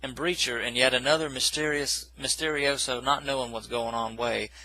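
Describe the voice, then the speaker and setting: A man's voice: mid-range voice, fairly even intonation, normal speed, bright, forceful tone, rough recording. A man casually recapping a film plot in a rambling, self-correcting way, with dismissive asides. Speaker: movie reviewer.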